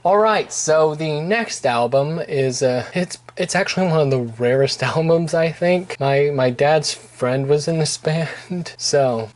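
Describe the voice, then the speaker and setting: A man's voice: fairly high pitch, a little slow, hardly any pauses, rough recording. A man hosting his own channel, giving casual, rambling album reviews with tongue-in-cheek, mock-prudish asides. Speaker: channel host reviewing vinyl records.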